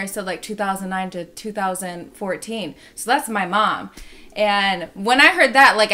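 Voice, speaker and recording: Young adult woman for a casual storytime video, rambling and excitable delivery. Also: mid-range voice. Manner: rambling, filler-heavy, excitable.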